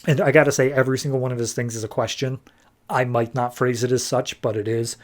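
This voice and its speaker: A man's voice: mid-range voice, steady tone. Chatty man recapping comics. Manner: chatty, filler-heavy, quick asides. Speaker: podcast host. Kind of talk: casual comic-book recap.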